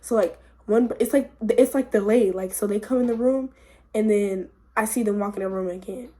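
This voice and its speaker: A young woman vlogger telling a story in a casual, rambling, excitable way, full of filler words. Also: medium pitch, moderate pace.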